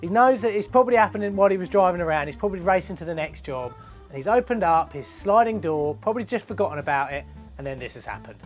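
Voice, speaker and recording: A man's voice: sits high, expressive, fast talker, soft background music. A man hosting a plumbing show, chatting casually and jokily about viewers' photos. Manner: jokey, chatty, laughs often. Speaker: host of a plumbing channel.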